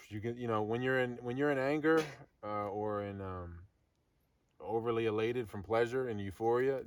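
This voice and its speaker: A man with a low voice rambles thoughtfully, full of fillers and restarts, his sentences fading off softly. He sits some way back from the microphone, so the sound sits a little distant. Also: no room sound. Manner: halting, many fillers and restarts, trails off softly. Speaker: Latin lesson co-host. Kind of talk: rambling philosophical talk.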